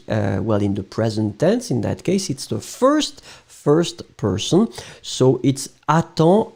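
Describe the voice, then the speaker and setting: A man's voice: on the high side, dark tone. A man with a French accent teaching French in a live-stream lesson, patiently spelling words letter by letter and laughing easily.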